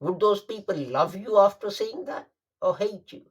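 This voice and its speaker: A man delivering a Friday sermon, emphatic and deliberate, repeating phrases for stress. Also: sits high, lively intonation, husky. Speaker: preacher.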